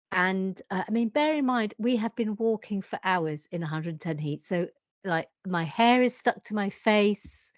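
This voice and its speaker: A woman, a podcast guest telling a story in a lively, self-mocking way. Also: mid-range voice, dry recording, muffled recording. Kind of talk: animated anecdote telling.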